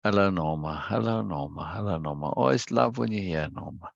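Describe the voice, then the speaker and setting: Male study-group host, low gravelly voice, dry dull lo-fi sound, chatty and repetitive greeter. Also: fairly quick, no room sound. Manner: repeats phrases, greets viewers one by one. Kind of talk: casual livestream chat before a reading session.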